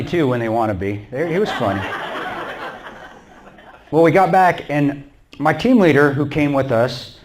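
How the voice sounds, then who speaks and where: A man in a mid-range voice tells a small church audience about his combat experience in a blunt, plain-spoken manner. A little hiss or hum sits under the recording.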